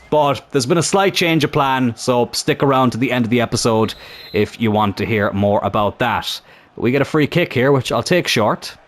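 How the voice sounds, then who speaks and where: A man commentating his own football video game match in a casual, chatty way, getting excited at big chances. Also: medium pitch. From Ireland.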